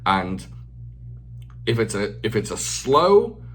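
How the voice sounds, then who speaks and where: A man's voice: lowish voice, very animated, slow pace, fairly bright tone, slight background noise. A man in his forties hosting a casual vlog, talking off the cuff in a self-mocking rant, swearing freely and repeating phrases for emphasis. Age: 40s. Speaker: channel host. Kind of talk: casual unscripted vlog talk.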